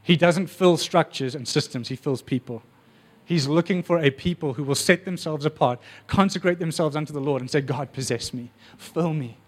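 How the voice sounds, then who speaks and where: A male preacher, his voice sitting high for a man. He tells stories with animated energy and throws himself into the voices of the people in them. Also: a little fast. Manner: animated storytelling, acting out voices. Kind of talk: sermon.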